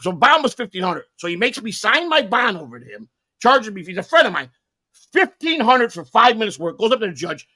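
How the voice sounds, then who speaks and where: A man's voice: high voice, very animated, a little fast, pushed and bright. A man, telling rambling, profane stories on a casual podcast with lots of stammered restarts. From Chicago. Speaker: guest storyteller.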